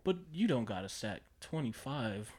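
A young man co-hosting a casual podcast chat, animated and profane, laughing often. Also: medium pitch, moderate pace. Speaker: podcast co-host.

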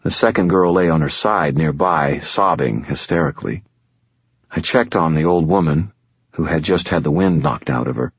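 Male audiobook narrator: steady and grim, dry close sound, slightly dull lo-fi quality. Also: very deep voice, moderate pace, breathy edge, dry recording. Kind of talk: first-person audiobook narration.

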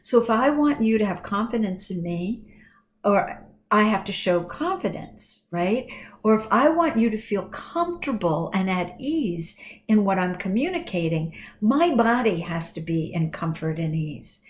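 A woman voice and communication coach talking casually on a podcast, telling animated stories about her clients. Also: medium pitch, measured pace.

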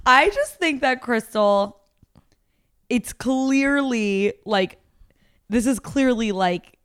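A woman co-hosting a casual chat podcast, talking fast and giggly with lots of fillers as she recaps a dating show. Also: fairly high pitch, clean tone, dry recording, studio quality. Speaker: podcast co-host.

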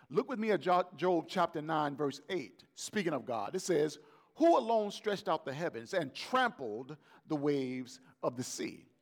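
Gravelly-voiced man preaching a sermon. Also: high-pitched. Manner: conversational preaching, acts out voices of biblical figures. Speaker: pastor.

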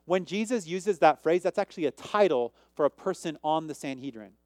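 A man preaching a sermon, emphatic, with sudden shifts in pace and loudness. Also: a little high, expressive, brisk, no echo. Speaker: pastor.

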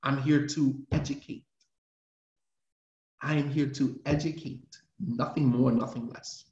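A man's voice: mid-range voice, steady tone, unhurried, a little mellow. A man, an imam, giving an emphatic, impassioned religious class lecture and driving his points home with repetition. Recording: roomy, dull lo-fi sound.

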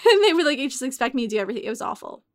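Young woman in her twenties, slightly high voice, chatty and filler-heavy, on the edge of tears; dry, close recording. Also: sing-song, rapid-fire, no echo. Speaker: guest telling her story. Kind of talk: casual podcast chat.

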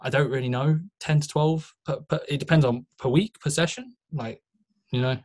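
A man's voice: on the high side, fairly even intonation, normal speed. A man, co-hosting a casual podcast and telling stories with frequent laughs. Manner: chatty storyteller, laughs often, says "mate". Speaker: podcast co-host, physique competitor.

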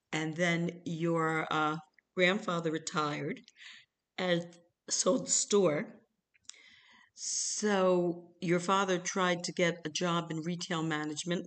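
An older American woman telling family stories to her child, chuckling and acting out the people in them. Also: fairly low pitch. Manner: animated, chuckling, acts out voices in her stories. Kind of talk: casual storytelling.

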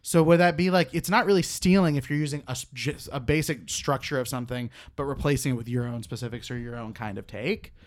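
A man's voice: mid-range voice, fast, few pauses. A man co-hosting a casual podcast chat, rambling with many fillers and laughing often. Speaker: podcast co-host.

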